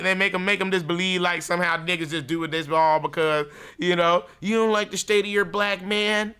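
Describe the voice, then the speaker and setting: Crude, ranting man with a bright voice. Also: high-pitched, fairly even intonation, brisk, hardly any pauses, smooth. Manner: loud, crude and mocking, with frequent laughter. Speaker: livestream show host. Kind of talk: provocative livestream rant.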